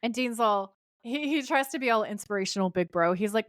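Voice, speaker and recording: A woman's voice: on the high side, brisk, dry recording, clean studio sound. A woman with a British accent co-hosting a casual podcast, animatedly retelling a TV episode and acting out the characters' lines. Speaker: podcast co-host. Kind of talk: casual chat recapping a TV episode.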